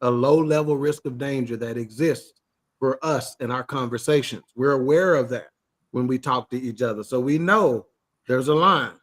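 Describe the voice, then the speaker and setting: A man's voice: medium pitch, normal speed. A man co-hosting a podcast, chatty and explanatory, laughing often. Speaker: podcast co-host. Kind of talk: casual chat.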